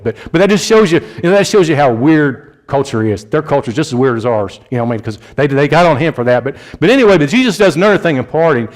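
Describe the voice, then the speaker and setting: Rambling, folksy Indianapolis preacher man. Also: a little high. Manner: conversational, rambling, frequent restarts and "you know". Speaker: lay preacher. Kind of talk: sermon.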